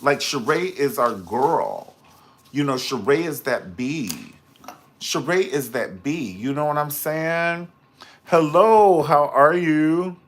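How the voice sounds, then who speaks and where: Sassy, lively man gossiping on a live stream. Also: mid-range voice, slow pace, slight background noise. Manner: sassy, dramatic and gossipy, full of slang asides; chats with viewers in the live comments. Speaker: live-stream reality TV reviewer. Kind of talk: casual live-stream commentary.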